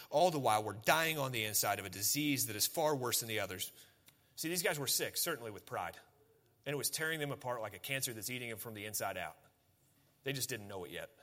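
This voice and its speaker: Bright-voiced man preaching. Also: on the high side. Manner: conversational preaching, rhetorical questions, folksy asides. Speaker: pastor. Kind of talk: sermon.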